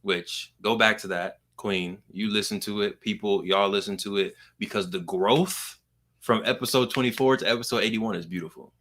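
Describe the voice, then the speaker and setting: A young adult man hosting a podcast, talking in a casual, energetic and playful way. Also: fairly low pitch, moderate pace. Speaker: podcast host.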